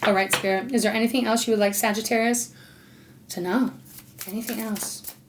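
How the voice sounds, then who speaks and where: A woman doing an intuitive tarot reading, talking in a loose, rambling way and pausing to ask her spirit guides. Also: fairly high pitch, fairly even intonation, a little hiss or hum. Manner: rambling, warm-hearted, talks to spirit guides between cards. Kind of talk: casual spoken tarot reading.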